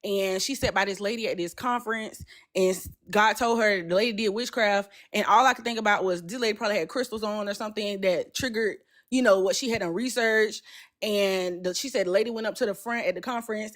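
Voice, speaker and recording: A woman telling a personal story in casual chat, animated and passionate, acting out both sides of a conversation. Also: medium pitch. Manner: passionate and loud by her own account.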